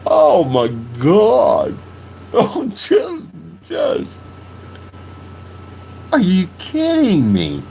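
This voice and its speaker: A man's voice: high voice, huge pitch swings, very slow, vocal fry, pauses often, warm tone, a little hiss or hum, poor audio. A man telling a story in a casual podcast monologue, profane and laughing, venting his emotions. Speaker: podcast host.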